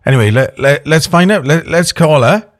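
A man's voice: on the high side, animated, normal speed. A man hosting a live radio phone-in, chatting with a caller in a playful, teasing way. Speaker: radio host.

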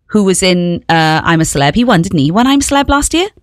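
A woman's voice: fairly low pitch, sing-song, quick pace, dry recording, clean studio sound. A woman co-hosting a casual chat, gossiping freely with plenty of fillers. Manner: chatty, gossipy, hedging with fillers. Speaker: co-host.

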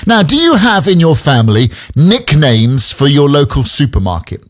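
A man's voice: fairly high pitch, sing-song, moderate pace. A man hosting a radio show, talking playfully and conversationally with asides to listeners. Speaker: radio host. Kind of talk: chatty radio presenting. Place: radio studio.

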